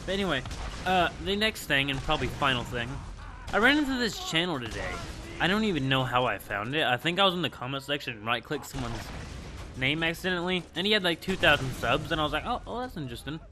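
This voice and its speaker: A young man casually telling a school story on his vlog, rambling and excitable, with lots of filler words. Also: on the high side, quick pace, over music. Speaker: gaming channel host.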